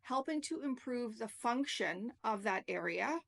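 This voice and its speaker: Chatty, higher-voiced woman teaching. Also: lively intonation, a little slow, gravelly, fairly bright tone. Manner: chatty, peppers talk with "like" and "okay?". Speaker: reflexologist and yoga teacher. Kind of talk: casual storytelling and explanation.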